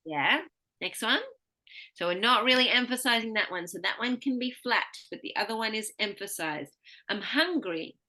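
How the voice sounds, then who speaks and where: Bright-voiced woman teaching pronunciation. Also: fairly high pitch. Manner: patient, explains slowly with examples. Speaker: speech pathologist. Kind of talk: one-on-one pronunciation lesson.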